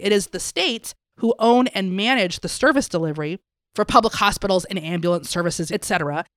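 Female podcast co-host, mid pitch, dry close sound, friendly explanatory summary. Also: no room sound. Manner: friendly, explanatory, casual fillers. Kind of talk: conversational medical podcast summary.

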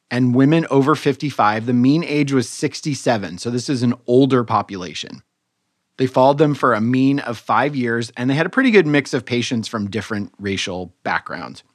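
A man co-hosting a medical podcast, casually explaining research papers and pausing to rephrase as he goes. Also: medium pitch, no echo, studio quality. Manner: explanatory, relaxed, thinks aloud with restarts. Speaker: podcast co-host physician reviewing papers. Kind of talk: conversational medical journal review.

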